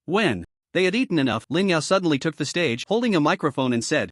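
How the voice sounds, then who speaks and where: A man's voice: fairly high pitch, big pitch swings, fast, few pauses, a bit bright, no echo, studio quality. A man reading a recap story aloud as a narrator in scripted narration.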